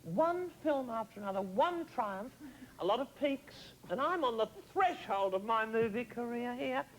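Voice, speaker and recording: A man's voice: very high voice, expressive, moderate pace, a bit bright, a little hiss or hum, rough recording. A man playing a vain, theatrical older woman hosting a talk show. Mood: arch. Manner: arch, theatrical, mock-grand. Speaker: host. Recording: studio audience behind.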